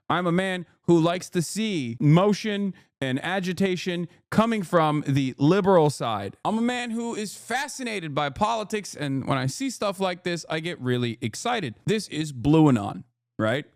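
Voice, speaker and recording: A man's voice: a little high, no room sound, studio quality. A man live-streaming reaction commentary, riffing in a casual, profane, sarcastic way.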